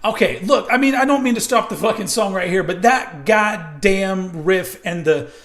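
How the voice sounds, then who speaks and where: A man hosts a heavy metal video show in a fairly high voice. He rambles in a casual, offhand way, swears freely and pokes fun at himself. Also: moderate pace, fairly bright tone, faint music behind. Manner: loose, profane and self-mocking, with frequent fillers.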